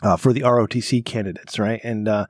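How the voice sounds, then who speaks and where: A man's voice: lowish voice, steady tone, fast, dry recording, studio quality. A man in his forties co-hosting a casual podcast, telling stories with crude jokes and plenty of swearing. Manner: crude, profane joking storyteller. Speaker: podcast co-host.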